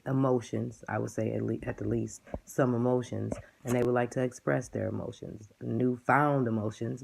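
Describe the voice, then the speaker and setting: A man giving a casual tarot card reading to his viewers, talking in a relaxed, musing way and stringing phrases together. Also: mid-range voice, creaky. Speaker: tarot reader.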